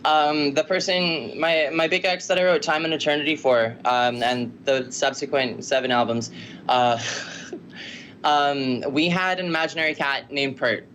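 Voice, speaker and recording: An excitable man from Canada tells a story over a video call, laughing often and sprinkling his talk with fillers. His voice sits a little high for a man. A faint hum of room noise runs underneath. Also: a little slow. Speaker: podcast guest, musician.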